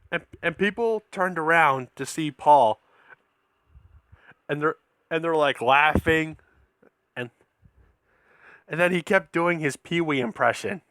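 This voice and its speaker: A man's voice: a little high, slow, long pauses, a bit bright, no echo, studio quality. A man casually telling a made-up story, rambling along with many restarts and repeated words. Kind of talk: casual spoken fan-fiction story.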